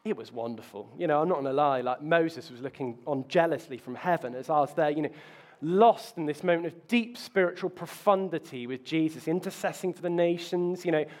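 A man's voice: fairly high pitch, a little fast, few pauses. A man preaching a sermon, telling self-mocking stories with playful asides. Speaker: pastor.

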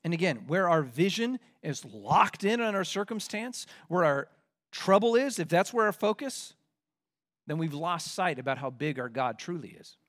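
A man's voice: a little high, very animated, moderate pace, fairly bright tone. A man preaching a sermon, reading scripture aloud and acting out people's complaints with rising emphasis. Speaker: pastor.

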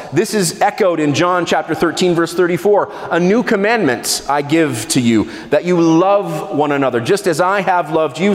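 A male pastor delivers a sermon in a slightly high voice, slowing and sinking low on key words with dramatic pauses. The sound rings in a large hall with a long, echoing tail. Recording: echoey hall with long reverb.

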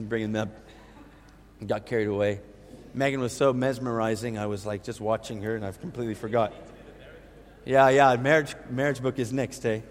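A middle-aged man preaching a sermon, with emphatic, lively storytelling. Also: medium pitch. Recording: long reverb of a large hall.

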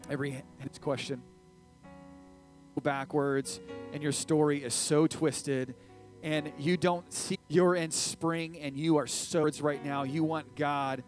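A man preaching a sermon in a lively, joking way, swinging between loud and quiet. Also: a little high, takes it slowly, soft background music, rough recording. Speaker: pastor.

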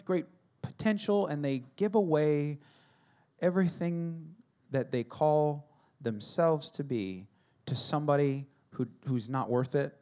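The voice here is on the high side: a middle-aged man preaching as a pastor. He mixes humor into his stories while moving back and forth between booming and quiet passages.

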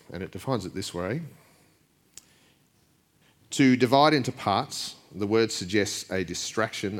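A male pastor preaching a sermon in a casual, joking way, often chuckling. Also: sits low.

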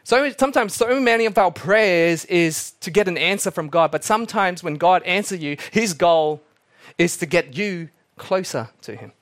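A man's voice: high-pitched, animated, moderate pace, a bit bright. A male pastor preaching a sermon, dramatic, repeating key words and dropping his voice almost to a whisper for emphasis.

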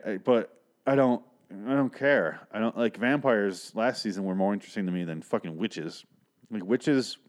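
A podcast host recaps a TV episode in a fairly low, slightly mellow male voice. His delivery is casual, rambling, sarcastic and laced with profanity.

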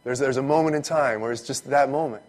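A man, a pastor, giving a relaxed, conversational sermon that turns animated when he retells stories. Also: mid-range voice, fast talker.

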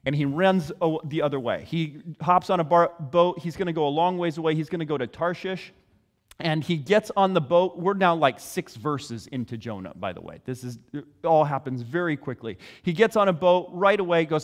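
A male pastor delivers a sermon in a church sanctuary and retells the story with lively, conversational energy. His voice is fairly high for a man. Long reverb rings around each phrase. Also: normal speed.

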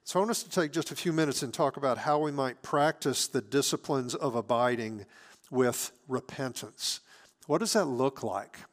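A man's voice: medium pitch, normal speed. Earnest male pastor preaching. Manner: earnest, shifts from emphatic to hushed. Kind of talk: sermon.

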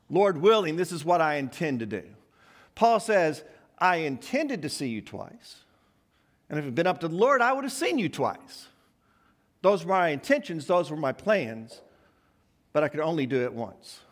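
A male pastor preaching a sermon, with rhetorical questions and words dropped low for emphasis.

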